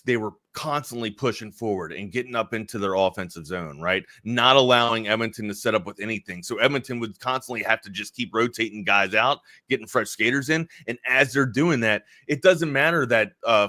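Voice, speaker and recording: Sports radio guy talking hockey, rambly, keeps fixing himself, bright tense voice, totally dry studio sound. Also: medium pitch, dry recording. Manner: rambling, self-correcting, quick asides. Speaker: sports talk co-host. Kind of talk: casual sports talk.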